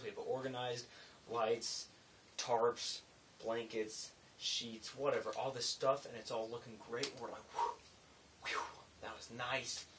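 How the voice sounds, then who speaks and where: A man's voice: mid-range voice, distant mic, slight background noise, poor audio. Young man telling a rambling story. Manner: rambling, animated retelling with asides. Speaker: vlogger. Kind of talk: casual storytelling vlog.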